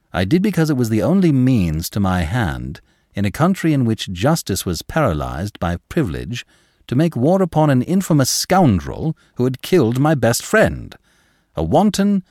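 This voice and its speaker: A man voicing a passionate young gentleman who speaks with formal gallantry and heated conviction. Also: mid-range voice, no room sound, clean studio sound.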